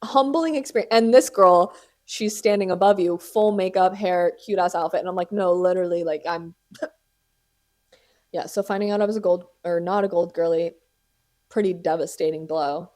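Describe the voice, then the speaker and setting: A woman's voice: on the low side, a little fast, darkish tone. A young woman hosting a podcast, telling a story in casual chat, dramatic and profane, laughing often. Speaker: podcast host.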